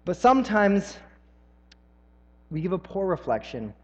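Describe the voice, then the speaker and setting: A man's voice: sits high, very animated, unhurried. A young man from the American South giving a folksy, storytelling sermon with frequent ums. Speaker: preacher. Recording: dull sound in a reverberant hall.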